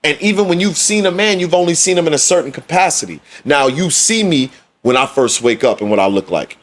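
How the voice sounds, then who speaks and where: A man's voice: fairly high pitch, animated, fairly quick. A man co-hosting a podcast in casual discussion, emphatic and repetitive for effect. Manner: emphatic, preachy, repeats phrases for effect. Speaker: podcast co-host.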